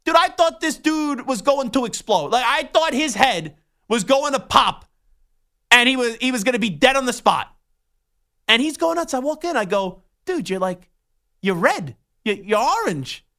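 A man hosting a sports talk radio show from a studio, telling animated, rambling stories. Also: very high-pitched, moderate pace, vocal fry. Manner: animated storytelling with rambling restarts.

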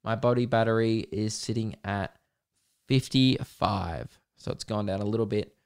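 A man's voice: fairly low pitch, normal speed, gravelly, smooth. A young man hosting his own podcast solo, chatting candidly and rambling, swearing freely. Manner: candid, sweary and rambling, with mocking put-on voices. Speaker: podcast host. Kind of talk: solo casual podcast chat.

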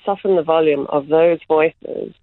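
A woman's voice: low-pitched, no room sound. Woman speaking over a phone-like line. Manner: measured, slows down on key words. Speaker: art workshop facilitator, guest. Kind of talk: reflective interview answers.

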